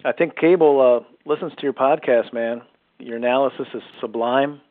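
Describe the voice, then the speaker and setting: A man's voice: mid-range voice, normal speed, no echo. A male caller leaving an enthusiastic message on a show's call-in line, talking with many fillers. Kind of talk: call-in voicemail. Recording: tinny phone line.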